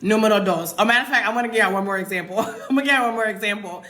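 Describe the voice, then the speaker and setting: A woman's voice: mid-range voice, very fast, pushed and bright. An American woman in her twenties or thirties chatting casually to livestream viewers, emphatic and talking straight to them. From United States. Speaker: expat content creator. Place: home in Mexico. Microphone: phone.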